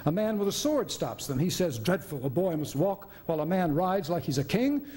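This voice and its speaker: Brief: older man reading a sardonic writer-patient, wry, biting storyteller, voice sits a touch high. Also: very animated, fairly quick, dark tone. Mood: storytelling. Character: sardonic middle-aged male writer, hospital patient. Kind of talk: dramatic reading of a play.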